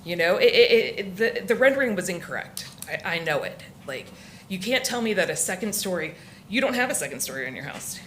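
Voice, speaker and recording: A woman from Florida speaking during public comment at a village council meeting. She sounds emotional and halting, with many restarts. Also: lowish voice, sing-song, a bit bright, slight background noise.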